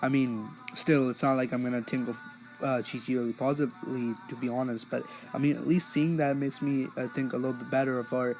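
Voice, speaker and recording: A man's voice: mid-range voice, flat delivery, brisk, darkish tone, soft background music, rough recording. Rambling man reviewing in a casual tone. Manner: rambling, with many fillers and restarts. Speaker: anime episode reviewer.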